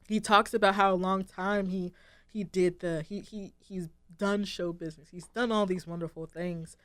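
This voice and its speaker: A woman's voice: medium pitch, steady tone, normal speed, dry recording. Earnest young woman musing on air. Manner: earnest, rambling, heavy use of "like" and "um". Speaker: radio show host. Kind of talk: reflective casual monologue.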